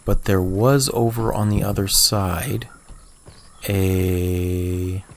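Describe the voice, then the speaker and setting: A man with a lowish voice chats casually while playing a game on stream, musing aloud about puzzles and answering his viewers. He has a bit of a cough, and a faint hiss sits under his desk-mic sound. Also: steady tone, very slow, darkish tone. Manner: thinking aloud, easygoing and chatty. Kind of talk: casual livestream chat.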